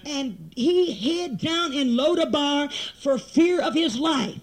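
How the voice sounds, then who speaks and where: A man's voice: very high voice, animated, a little slow, hardly any pauses. A man preaching a revival sermon, telling a story dramatically and building up to fervent exhortation.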